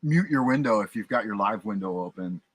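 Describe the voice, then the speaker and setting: A man's voice: lowish voice, animated, a little fast, husky, dry recording. A man hosting a livestream, chatting casually, joking and swearing. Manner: joking, profane, stumbles over words. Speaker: livestream host. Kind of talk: casual chat.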